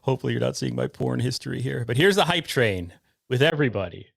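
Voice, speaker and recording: A man hosting a casual podcast, reading out chat comments in a halting, rambling way. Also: medium pitch, lively intonation, vocal fry, no room sound, studio quality. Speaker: podcast host.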